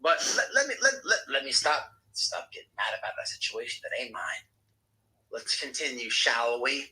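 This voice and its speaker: A male livestream host with a very bright, forceful tone and lively pitch that swings high and low. He rants in a loose, profane, animated way, like he's talking straight to his chat. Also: moderate pace, poor audio. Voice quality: animated, profane, ranting delivery. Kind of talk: casual live-stream chat.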